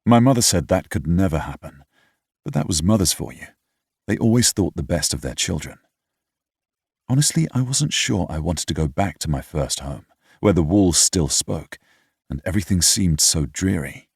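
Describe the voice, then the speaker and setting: A man's voice: sits low, lively intonation, normal speed, a little mellow, breathy edge, dry recording, clean studio sound. A young British man narrating a first-person romance audiobook in a reflective, wry, slightly pompous way. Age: young adult.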